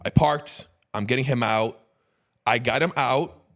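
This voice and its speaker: Mid-pitched man hosting a podcast. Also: unhurried. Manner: frequent short affirmations, relaxed anecdote telling. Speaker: podcast host. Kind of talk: casual interview chat.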